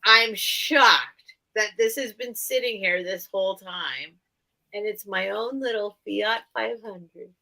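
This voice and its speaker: A woman hosting a live online sale, chatting excitably and teasing herself. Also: medium pitch, slow pace, gravelly, low-quality recording. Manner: chatty, excitable, self-mocking. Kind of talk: casual live-sale chat.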